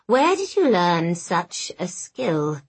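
Audiobook villain: soothing, contemptuous monster of a man, drawn-out delivery, breathy edge, read by a woman. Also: lowish voice, very animated, heavily acted. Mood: silky, menacing. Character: hideous male villain luring a captive girl. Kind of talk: audiobook character voice.

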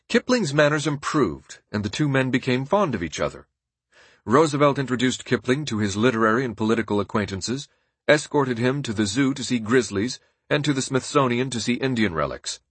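A man narrating a biography audiobook in a measured, formal storytelling manner. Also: medium pitch, fairly bright tone, breathy edge, dry recording.

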